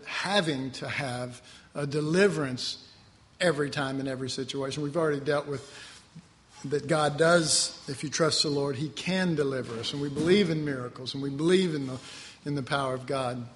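A man giving a relaxed, conversational sermon, folksy and warm with chuckles, acting out the voices of the story's figures. His voice sits a little high for a man, and a long reverb trails his words through a large hall. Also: normal speed. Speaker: pastor.

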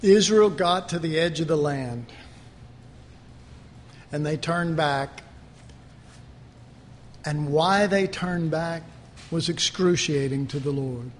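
A man preaching a fervent sermon, swinging between loud outbursts and quiet asides. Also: on the high side, slow pace, long pauses, big-room sound, slight background noise.

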